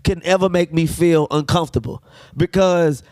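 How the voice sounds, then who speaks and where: A man co-hosting a podcast, telling a profane, animated story and acting out the people in it. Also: a little high, moderate pace, dry recording, clean studio sound. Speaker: podcast co-host. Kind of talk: casual storytelling chat.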